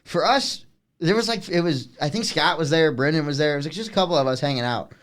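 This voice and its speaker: Twenty-something podcast cohost guy, kinda higher voice, animated, laughs a lot telling the story. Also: fast. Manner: animated retelling, laughs often. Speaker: podcast co-host. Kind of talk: casual podcast chat.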